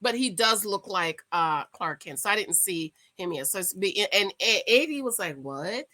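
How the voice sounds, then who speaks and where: A woman vlogging at home, giving a chatty, excitable recap of a reality dating show straight to her viewers. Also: medium pitch, moderate pace. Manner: gossipy, excitable, talks straight to viewers as "girl". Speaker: YouTube host reviewing a reality dating show. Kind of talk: casual chatty recap to camera. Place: at home indoors.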